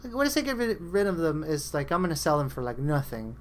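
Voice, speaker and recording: Over slight background noise, a highish, sing-song male voice moves at a quick pace. The podcast host chats loosely, rambling through stories while performing his friends' quoted remarks.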